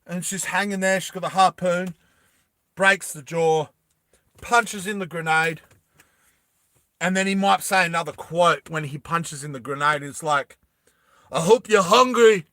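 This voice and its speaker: An excitable young man chats with his viewers, rambling and stopping to correct himself along the way. His voice sits a touch high and sounds bright and forward. The recording is close and dry. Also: a little slow, pauses often, smooth, dry recording. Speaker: animated film creator. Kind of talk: casual storytelling to viewers.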